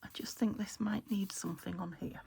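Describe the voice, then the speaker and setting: British woman, craft vlogger, thinking aloud, soft half-whispers, slight vocal fry, mid pitch. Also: steady tone, brisk. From United Kingdom. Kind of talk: casual flip-through narration while crafting.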